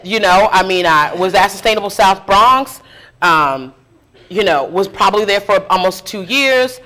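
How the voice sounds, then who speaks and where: A middle-aged woman who organizes around food justice tells her story in a live interview, talking candidly, with lively asides and laughter at herself. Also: mid-range voice, moderate pace, slight background noise. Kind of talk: conversational storytelling in a public interview. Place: live interview event before an audience.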